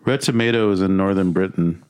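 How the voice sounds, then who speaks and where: A man's voice: sits low, fairly quick, darkish tone, smooth, no echo. A man joining a casual podcast chat, rattling off lists and chuckling. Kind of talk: casual banter.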